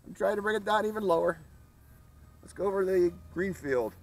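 Speaking briskly in a high voice, a man hosts a hobby video at an outdoor flying field, chatting casually to the folks watching about his model plane flight. It's flight-test commentary on a rough recording.

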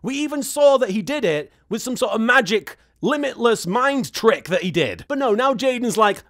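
A man's voice: high-pitched, lively intonation, normal speed, hardly any pauses, fairly bright tone. A man recapping an anime episode in comedic commentary, with sarcastic, exasperated asides.

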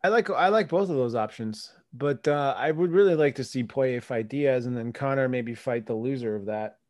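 A man's voice: medium pitch, normal speed, a little mellow, dry recording. A man co-hosting a podcast in casual chat, easygoing and a bit hesitant. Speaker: podcast co-host.

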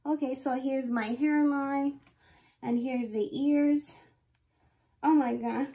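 Into her phone camera, a young wig review vlogger with a high voice speaks slowly while putting on a wig. She narrates every stage of the install to viewers, exclaiming often and shifting back and forth between excitement and nervousness as she chats to herself.

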